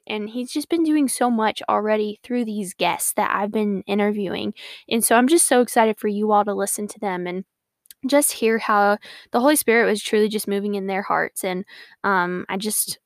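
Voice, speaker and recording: A woman's voice: medium pitch, normal speed, no room sound, clean studio sound. A young woman hosting her faith podcast, talking in a bubbly, earnest, rambling way. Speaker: podcast host. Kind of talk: casual Christian podcast monologue.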